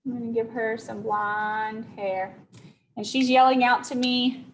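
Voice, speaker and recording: A woman's voice: a little high, fairly even intonation, slight background noise, poor audio. A teacher telling a young-children's story, checking in often with her listeners. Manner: slow, deliberate, checks in with listeners.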